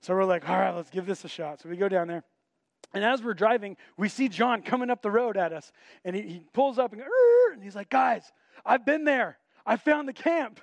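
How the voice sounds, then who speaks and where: High-voiced animated male preacher. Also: fast talker, vocal fry, no room sound, muffled recording. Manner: animated, acts out quoted voices. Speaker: pastor. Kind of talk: sermon with storytelling.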